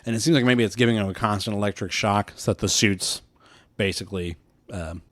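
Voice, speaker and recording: A man's voice: lowish voice, a little fast, a bit bright, no room sound. A young man co-hosting a podcast, recapping a film in casual, profane chat full of laughs and tangents. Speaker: podcast co-host. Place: room with many windows.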